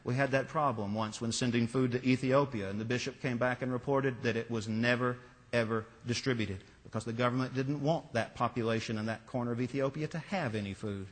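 A man's voice: medium pitch, steady tone, a little fast. A man preaching a sermon in a church, telling a story and building his points through emphatic repetition. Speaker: pastor. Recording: long reverb of a large hall.

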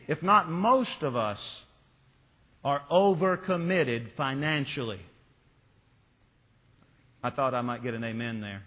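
A man's voice: on the high side, fairly bright tone. A man preaching a sermon in a church, telling a story and building his points through emphatic repetition. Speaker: pastor. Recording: long reverb of a large hall.

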